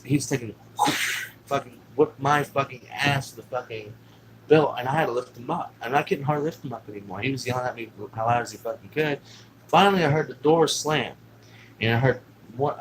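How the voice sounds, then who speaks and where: A man of ordinary pitch rambles through a long story from his own life, salting almost every line with curses. His delivery is loose and unscripted, full of asides and fillers. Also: a little fast, a little hiss or hum, poor audio. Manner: rambling and heavily profane, with lots of fillers. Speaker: vlogger. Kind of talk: casual spoken storytelling.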